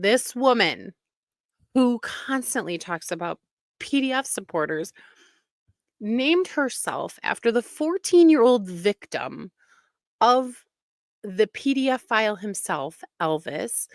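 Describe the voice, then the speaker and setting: A woman's voice: medium pitch, sing-song, slow, no echo. A woman hosting a casual commentary show, talking in an indignant, emphatic way. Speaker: commentary host.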